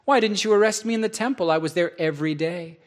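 A man voicing Jesus as a calm grown man, earnest and measured, in a Bible reading. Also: high voice, voice pushed up, close to an everyday voice. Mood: solemn.

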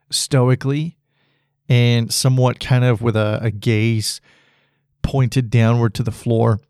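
A man's voice: mid-range voice, a little mellow, no room sound, clean studio sound. A man hosting a solo podcast, rambling casually and laughing at his own jokes. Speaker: podcast host.

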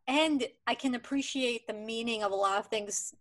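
A woman's voice: a little high, moderate pace, a bit bright. A young adult woman co-hosting a casual podcast, talking enthusiastically and insistently. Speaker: podcast co-host.

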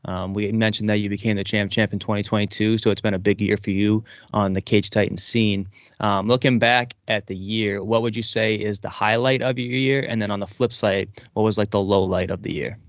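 A man's voice: fairly low pitch, steady tone, fairly quick, few pauses, no echo. A male host casually interviewing a fighter, laid-back and affirming. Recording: dry, dull lo-fi audio.

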